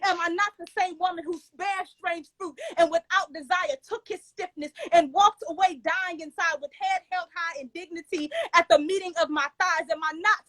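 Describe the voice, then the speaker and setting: A woman with a Southern American accent delivers spoken word poetry, rhythmic and intense. Her voice sits high and the sound is dry and close. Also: steady tone, normal speed, hardly any pauses, a bit bright, no echo, rough recording. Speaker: poet.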